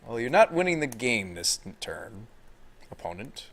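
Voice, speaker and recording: A man streaming live, commenting on a card game and chatting with viewers in a deadpan delivery with little inflection. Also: medium pitch, moderate pace. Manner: thinks aloud, chats with viewers.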